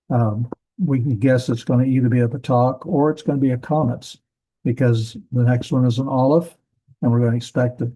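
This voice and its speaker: A man with a soft, warm voice leads a classroom lesson. He explains patiently and unhurriedly, often stalling with fillers and going back to restart his sentences. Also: medium pitch, rough recording. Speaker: Bible language teacher. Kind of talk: classroom lecture.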